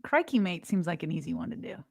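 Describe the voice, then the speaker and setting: A woman co-hosting a podcast, chatting casually, teasing and quick, laughing often. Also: on the low side, big pitch swings, vocal fry, breathy edge, dry recording, clean studio sound. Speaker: podcast co-host. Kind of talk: casual chat.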